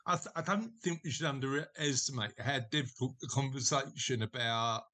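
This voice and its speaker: A man's voice: medium pitch, moderate pace, pushed and bright, dry recording. A man being interviewed as a financial adviser, answering thoughtfully and hesitantly with restarts.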